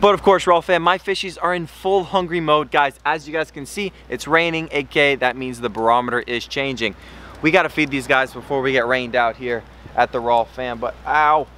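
A man filming a casual fishing vlog outdoors by a pond, chatty and excitable, hurting from a cut on his hand. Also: slight background noise. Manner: excitable, talks to his fish in a high baby voice. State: in pain from a cut. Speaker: fishing vlogger.

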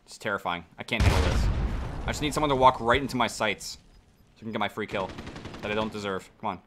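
A young man streaming a shooter game live, chatting to viewers and swearing and shouting as the action heats up. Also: on the low side, quick pace, background noise. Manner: excitable, swearing, reacting loudly to the game. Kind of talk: live gameplay commentary. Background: gunfire from the game.

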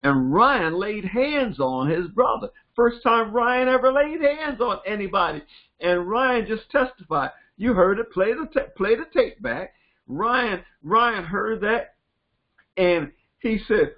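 An older man, a pastor, preaching a sermon with animated storytelling and acting out voices. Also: high-pitched, takes it slowly, lo-fi sound.

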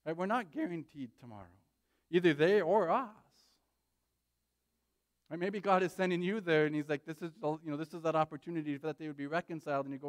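A man's voice: fairly high pitch, brisk, dry recording, studio quality. A man preaching a sermon as pastor, urgent and pleading, often checking in with "right?".

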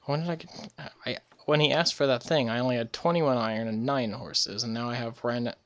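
Still getting over an illness, a weary let's play gamer keeps up brisk, rambling chatter about the strategy game he's playing, frequently revising his words partway through. His voice sits at a medium pitch with a steady tone and a fairly bright quality.

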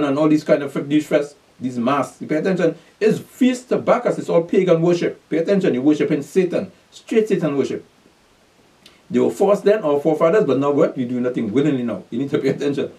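A man's voice: a little high, dark tone, far from the mic. A man preaching a bible class, reading scripture aloud and explaining it with emphatic questions and repeated calls to pay attention. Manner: reads scripture aloud then explains it in call-and-response questions.

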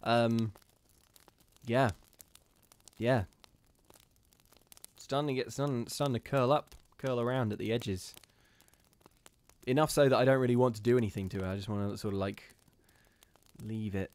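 A man hosting a live stream, reading ghost stories and chatting casually in a giggly, rambling, animated way. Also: mid-range voice, normal speed, pauses often.

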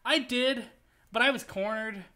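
Unhurried and very high-voiced, with a sharp edge, this man rambles and cracks jokes while streaming a game. It's casual gameplay commentary, and he curses whenever things go badly.

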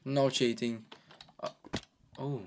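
A man's voice: mid-range voice, flat delivery, takes it slowly, darkish tone, slight background noise. A man giving casual, joking commentary on his own gameplay, chatting away and talking to himself at a desk microphone. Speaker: gaming channel host.

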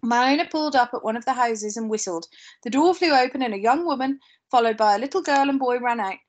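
A woman teacher reading a novel aloud to her pupils, steady, with occasional slips and short asides. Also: on the high side, fast talker.

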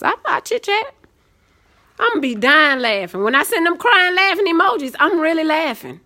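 Young woman streamer, animated and sassy, high voice swinging widely in pitch. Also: brisk. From Southern United States. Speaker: live-stream host. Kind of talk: casual live-stream chat.

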